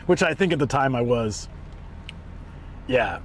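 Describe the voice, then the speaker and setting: A man chatting on a live stream, excitable and rambling, who swings between a higher hyped voice and a deeper relaxed one, his voice strained from hours of talk. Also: slow pace, a little hiss or hum. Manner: rambling and excitable, trailing off and restarting. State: voice strained from talking a lot. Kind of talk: casual live stream chat.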